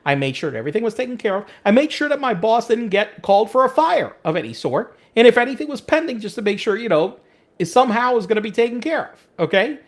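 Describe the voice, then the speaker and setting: A man's voice: sits high, fast. A middle-aged man co-hosting a podcast in casual chat, talking animatedly with profanity and many stammering restarts. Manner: animated, profane, acts out quoted speech. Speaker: podcast co-host.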